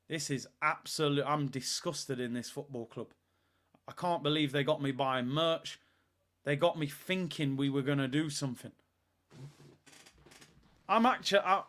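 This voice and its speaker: A man hosting a live football watch-along rants with exasperation and biting sarcasm. His voice sits fairly high for a man and is a bit bright.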